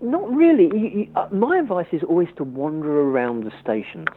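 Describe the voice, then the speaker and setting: A man's voice: on the high side, wildly swooping pitch, a little fast, a little hiss or hum. A man with a London accent chatting on the phone as a guest, joking about himself and laughing often. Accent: London English. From London, England. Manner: jokey and self-mocking, laughs often. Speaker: radio listener guest. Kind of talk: casual phone chat. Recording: tinny phone line.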